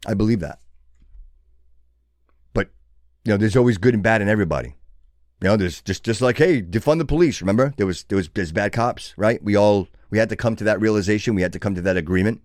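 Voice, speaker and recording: On his own show, this male host speaks fast in a low-leaning, rather dark voice, with clean studio audio and no reverb. He preaches through an impassioned motivational speech, restarting often as he works up to a fervent exhortation.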